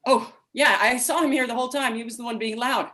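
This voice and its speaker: A woman's voice: fairly high pitch, steady tone, fast, bright, forceful tone. A woman playing a goofy poor young man. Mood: playful. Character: poor, carefree young male drifter. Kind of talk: improvised stage comedy.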